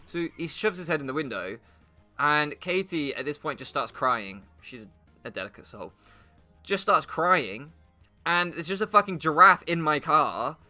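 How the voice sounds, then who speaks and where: Animated man ranting over game music. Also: fairly high pitch, moderate pace. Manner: animated, swearing, laughing at his own jokes. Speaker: gaming YouTuber. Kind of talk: rambling comedic commentary over gameplay.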